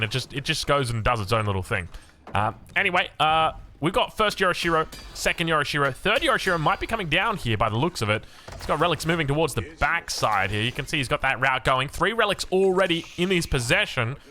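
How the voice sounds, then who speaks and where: A man's voice: medium pitch, bright, forceful tone. An Australian man casting a strategy game, chatty and self-mocking, drifting into rambling asides. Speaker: game caster. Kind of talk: casual game commentary.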